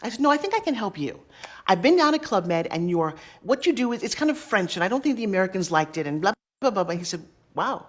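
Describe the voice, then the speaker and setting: Lively woman telling stories. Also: medium pitch. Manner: lively, acts out quoted dialogue, quick asides. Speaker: interview guest. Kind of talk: animated storytelling.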